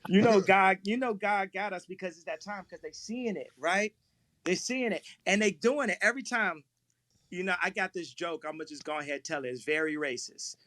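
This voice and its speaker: A man's voice: high-pitched, a little fast, fairly bright tone, no echo. A man talking as an interview guest in a live audio chat room, rambling and emphatic, often repeating himself.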